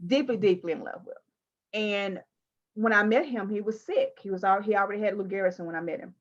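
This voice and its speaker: Animated woman telling stories. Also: mid-range voice, brisk, lo-fi sound. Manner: animated, emphatic storytelling with playful asides. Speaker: interviewer. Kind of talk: candid conversational interview.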